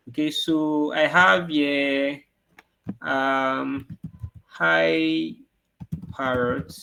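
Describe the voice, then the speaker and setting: Guy teaching kids coding over a video call, kinda high voice, keeps going "to do what?". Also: fairly bright tone. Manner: repeats questions for the kids to answer. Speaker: programming teacher. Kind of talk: online class teaching.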